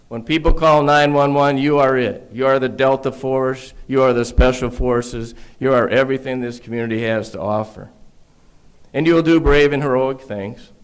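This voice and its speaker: A man's voice: mid-range voice, smooth. A man giving a ceremonial graduation address to a police academy class in a large room, speaking at a podium mic with earnest storytelling, emphatic repetition and wry asides. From Michigan, United States. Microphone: podium microphone.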